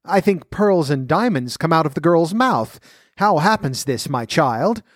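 A man voicing a harsh, greedy mother in a fairy tale, shrill and scolding. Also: expressive, moderate pace, a little mellow, no room sound, clean studio sound, natural voice. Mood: excited.

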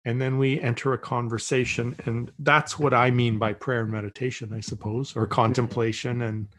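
A man's voice: medium pitch, level tone, normal speed, fairly bright tone. A middle-aged man as a podcast guest, telling a story in casual conversation and acting out the voices he quotes, with many restarts.

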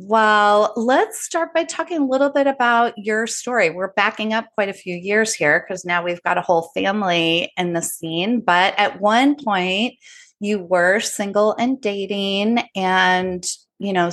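A woman's voice: medium pitch, fairly bright tone. A woman hosting a podcast, asking her guest friendly, steering questions. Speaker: podcast host. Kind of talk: casual interview.

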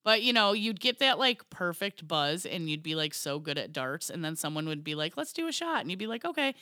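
A woman's voice: low voice, animated, brisk, sharp tone, no room sound, clean studio sound. A woman co-hosting a podcast, telling stories in casual chat, laughing often and saying "you know" a lot. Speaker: podcast co-host.

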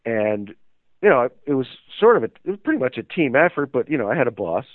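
A man's voice: medium pitch, sing-song, fast talker, no room sound. A man telling a story as an interview guest, rambling and hesitant with many fillers. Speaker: interview guest, magazine owner. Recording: tinny phone line.

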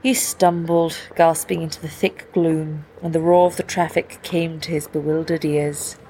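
A woman reading a literary story aloud as audiobook narration, in a measured, descriptive manner. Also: low-pitched, flat delivery, dark tone, slight background noise. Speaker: audiobook reader.

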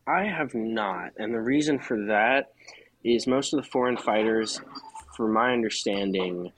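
A man from the United States talks as a podcast guest in a husky, slightly low voice. He speaks candidly and thinks aloud, often restarting his sentences. The sound is dry and close. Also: measured pace, fairly bright tone, no echo, rough recording. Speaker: freelance journalist, guest. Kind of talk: casual podcast conversation.

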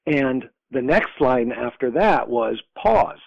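Older man, reflective storyteller, gravelly and husky voice, dry, tinny call audio. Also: mid-range voice, expressive, slow, dry recording. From New York, USA. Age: 60s. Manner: earnest, reflective, reenacts dialogue. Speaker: guest. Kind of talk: personal storytelling. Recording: tinny phone-like line, dry.

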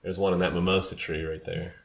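A man's voice: low voice, little pitch movement, brisk, creaky. A young man with a Southern American accent co-hosting a casual podcast, joking and laughing often. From North Carolina. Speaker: podcast co-host. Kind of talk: casual chat.

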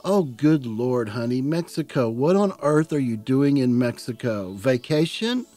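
A man's voice: mid-range voice, lively intonation, unhurried, warm tone, close to an everyday voice. A man voicing a worried, affectionate middle-aged foster mother on the phone, with a fussy, doting manner. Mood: fussing mother. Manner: fussy, affectionate, calls him honey.

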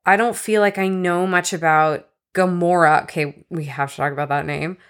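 A woman's voice: fairly low pitch, fairly even intonation, normal speed. A woman co-hosting a casual film chat, frank and wry in her opinions. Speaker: podcast co-host. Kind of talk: casual movie discussion.

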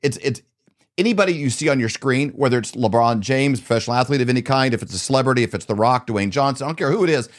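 A man hosting a political talk show, energetic and emphatic. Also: mid-range voice, fast talker.

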